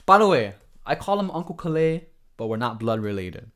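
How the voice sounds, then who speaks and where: A man's voice: mid-range voice, big pitch swings, moderate pace. A man with a Hawaiian accent telling stories in a casual vlog, earnest and rambling, often restarting and adding asides. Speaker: vlogger.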